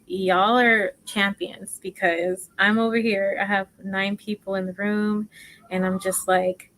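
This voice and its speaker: Her voice is mid-range and fairly bright, caught on a rough recording, as she leads a relaxed live crochet tutorial. She chats slowly, jokes at her own expense, and keeps sinking into murmurs while counting stitches.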